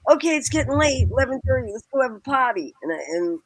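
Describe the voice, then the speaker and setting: A woman, telling a lively story as a podcast guest and acting out the voices in it. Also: high voice, fast, no room sound, poor audio. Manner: acts out quoted voices, laughs often. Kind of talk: animated anecdote telling.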